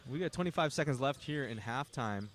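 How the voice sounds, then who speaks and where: Fairly quick and animated, a young Canadian man with a mid-range voice calls a livestreamed basketball game in a tournament gym. The commentary is casual, with chatty jokes aimed at viewers between plays.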